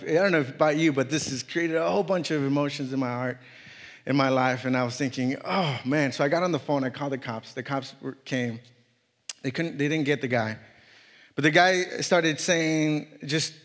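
A man in his thirties preaching a sermon as a guest speaker, telling a personal story earnestly, with many halting restarts. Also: fairly high pitch, long reverb tail.

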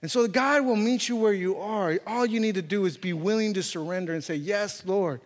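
Animated male preacher in a reverberant hall. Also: sits high, moderate pace. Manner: animated storytelling with many fillers and restarts. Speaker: pastor. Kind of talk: sermon.

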